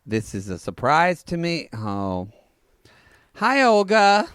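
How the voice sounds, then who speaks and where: A man's voice: on the high side, wildly swooping pitch, slow, a bit bright, clear, resonant tone, no room sound, clean studio sound. A man co-hosting a podcast, speaking sassily and profanely, addressing listeners as y'all in casual comedic chat. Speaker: podcast co-host.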